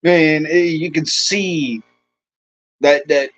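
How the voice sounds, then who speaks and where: A man's voice: on the high side, steady tone, slow pace, soft background music, rough recording. A man hosting a livestream, ranting casually to his chat in a crude, rambling way and chuckling often. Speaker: livestream host.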